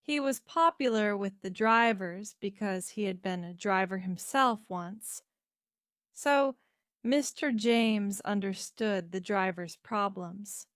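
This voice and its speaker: Woman reading a learner story real slow, clear, dry close mic. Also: mid-range voice, no echo. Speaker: narrator. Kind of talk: graded reader story narration.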